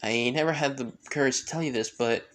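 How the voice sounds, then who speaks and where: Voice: mid-range voice, lightly acted. The fan narrator voicing a shy, earnest teenage boy hero who stammers and halts. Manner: stammering, halting.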